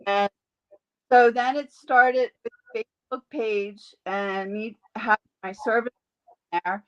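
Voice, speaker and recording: Animated woman telling stories, fairly high voice. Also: a little slow, dull audio. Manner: animated storyteller who acts out quoted voices. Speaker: guest, animal communicator and Reiki healer. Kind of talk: casual interview storytelling.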